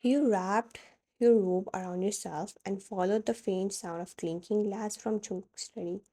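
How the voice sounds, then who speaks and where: Warm, mellow woman narrating a story. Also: mid-range voice, steady tone, unhurried, breathy edge. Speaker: fan fiction narrator. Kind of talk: scripted narration of second-person fan fiction.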